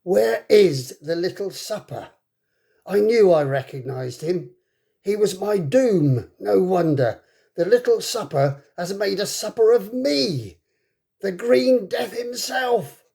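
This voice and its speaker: A man's voice: sits high, lively intonation, slow pace, creaky, dark tone, pitched above the performer's own voice, heavily acted. A man voicing a huge, dying male dragon who hisses with menace and wants revenge. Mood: vengeful. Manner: hissing, menacing.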